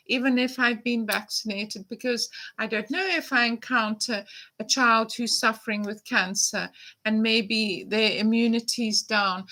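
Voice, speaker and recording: A woman's voice: on the high side, pushed and bright. A woman in her fifties hosting a live perfume stream from home, talking in a heartfelt, reflective way and reading viewer comments aloud. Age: 50s. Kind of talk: casual live-stream chat. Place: home room with a window open.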